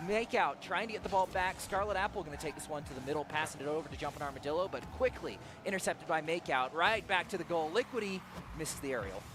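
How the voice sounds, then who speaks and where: High-pitched excitable esports caster man. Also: fast talker, background noise. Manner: excitable, laughs often, shifts between hype and low chat. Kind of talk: play-by-play commentary.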